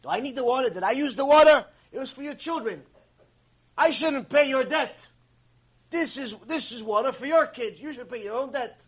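A devout, generous benefactor, played by a man telling the story, who speaks earnestly and pleads in prayer. The voice is high for a man and sincere. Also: lively intonation, moderate pace, breathy edge, full character voice, low-quality recording. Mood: pleading.

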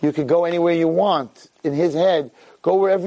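A man giving a Torah lecture as an animated personal story, acting out the dialogue. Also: brisk, no room sound, lo-fi sound. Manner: animated, acts out dialogue with big swings in pitch.

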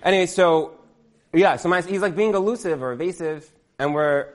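Comic storyteller, man in his thirties, rambling and self-amused, voice a little high. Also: normal speed. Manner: rambling, many "like" fillers, laughs at himself.

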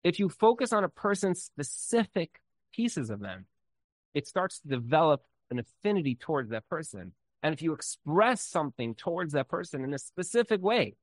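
A man's voice: fairly high pitch, brisk, no echo, rough recording. A man teaching an informal Torah class, talking loosely with many fillers and telling stories with energy. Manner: conversational, many "like" fillers, lively storytelling.

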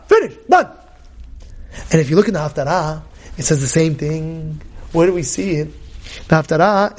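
A man teaching a Torah class as a rabbi, emphatic and animated, with loud outbursts and many rhetorical questions. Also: high voice.

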